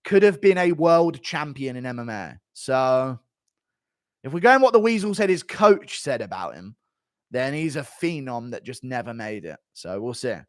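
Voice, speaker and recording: Loud animated streamer man. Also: mid-range voice, normal speed, no room sound, clean studio sound. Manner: loud, animated, swears a lot, laughs at own jokes. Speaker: streamer host. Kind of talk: casual live-stream commentary.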